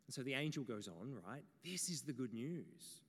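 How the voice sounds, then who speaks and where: A man's voice: medium pitch, moderate pace, husky. A man preaching a sermon, telling stories and speaking straight to his listeners. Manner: storytelling, animated, addresses the audience directly. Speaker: pastor. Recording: long reverb in a hall.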